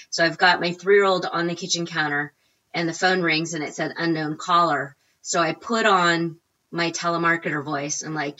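Bright-voiced woman in her 40s chatting away, kinda lo-fi muffled sound, lots of voice jumps when she quotes people. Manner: animated, acts out quotes with big pitch jumps. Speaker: guest, recipe blogger. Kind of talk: casual storytelling interview.

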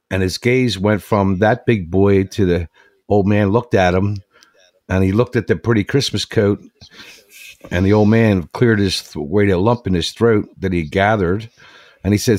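Low-voiced man telling a heartfelt story. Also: a little mellow, dry recording. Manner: earnest, rambling storyteller with restarts. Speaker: radio show host. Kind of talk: storytelling on a talk show.

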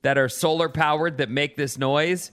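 A man's voice: a little high, normal speed, clear, resonant tone. A middle-aged man co-hosting a casual podcast chat, telling stories with lots of restarts and asides. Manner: rambling, animated storyteller with many restarts. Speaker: podcast co-host.

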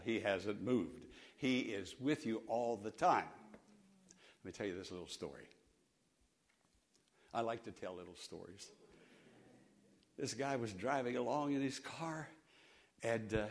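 A middle-aged pastor preaching a sermon, repeating lines and leading the congregation in call-and-response, swinging from loud emphasis to soft, low passages. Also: male voice.

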